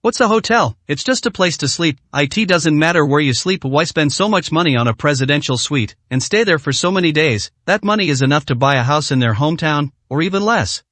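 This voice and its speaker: A man voicing a stubborn, greedy older mother who scolds her daughter in an indignant, shrill tone. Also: animated, brisk, few pauses, fairly bright tone, no echo.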